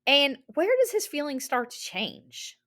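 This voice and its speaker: In a recorded reading lesson for children, a female teacher sounds animated and encouraging, posing plenty of rhetorical questions. Her voice is high-pitched and she speaks a little slowly.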